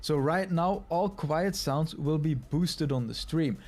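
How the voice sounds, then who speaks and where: A man's voice: a little high, slow. Man explaining audio settings, tutorial style. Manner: instructive, walks through settings, demonstrates by talking quiet and shouting. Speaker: streaming tutorial presenter. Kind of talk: step-by-step screen tutorial.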